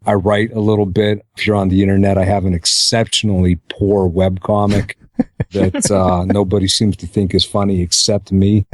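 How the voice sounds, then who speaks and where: Wry, low-voiced middle-aged man. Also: normal speed, no room sound, studio quality. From Pittsburgh. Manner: wry, deadpan jokes. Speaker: podcast guest. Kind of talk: casual podcast chat.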